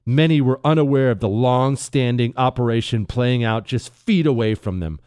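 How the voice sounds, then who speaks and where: A man hosting a talk radio show, delivering an opinionated monologue with sarcastic asides and sudden playful jumps in pitch. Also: moderate pace, smooth, no echo, clean studio sound. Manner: sarcastic, animated, jumps to a high playful voice when joking.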